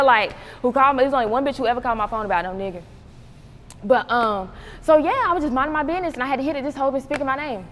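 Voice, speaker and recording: Animated young woman telling stories. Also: high voice, very fast, in a large hall, a little hiss or hum. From North Carolina, USA. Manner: animated, profane, laughing often, acts out quoted voices. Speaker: rapper, interview guest. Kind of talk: casual storytelling interview.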